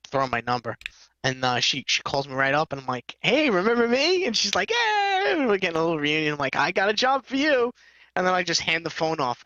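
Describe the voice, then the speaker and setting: A man's voice: on the high side, bright, forceful tone, no echo, lo-fi sound. A man co-hosting a podcast, rambling through a story in casual chat, acting out quotes and laughing often. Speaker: podcast co-host.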